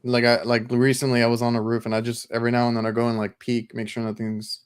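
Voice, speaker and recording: Co-host, male, halting chat, smooth clear voice, mid pitch. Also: monotone. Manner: halting, repeats words. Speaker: podcast co-host, HVAC technician. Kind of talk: casual chat.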